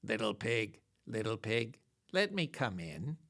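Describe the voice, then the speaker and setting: The big bad wolf of a storybook, hungry and angry, as a reader puts him on, growling low and slow with sweeping rises into roars. Every threat gets stretched out long. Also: very animated, creaky, fairly bright tone, full character voice. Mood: menacing growl.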